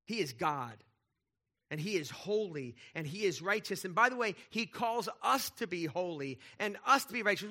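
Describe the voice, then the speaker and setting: This pastor's high voice moves at normal speed through a lively, conversational sermon. He frequently engages the congregation and throws in playful asides.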